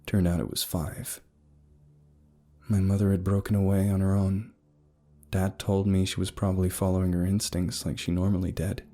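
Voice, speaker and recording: A man's voice: low voice, level tone, moderate pace, mellow. A man voicing a reflective woman recalling the past. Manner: plain, reflective storytelling. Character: grown woman recalling a childhood ordeal.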